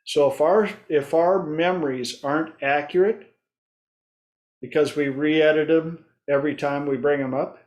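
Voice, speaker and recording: A man's voice: a little high, steady tone, a little slow, darkish tone. A man hosting a casual group discussion, telling stories and acting out his clients' voices. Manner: storytelling, acts out clients' voices. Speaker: host.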